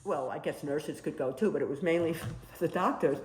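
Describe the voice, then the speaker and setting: A woman's voice: deep voice, moderate pace. A woman telling stories in a casual interview, acting out the voices of the people she quotes. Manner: animated, acts out quoted dialogue. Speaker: storyteller recalling nursing work abroad. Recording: roomy with faint ambience.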